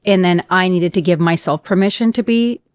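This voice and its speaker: Gentle middle-aged woman, dry sound. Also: on the low side, a little fast, no room sound. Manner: gentle, supportive, casual with fillers. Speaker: podcast host, mother. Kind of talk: candid podcast conversation.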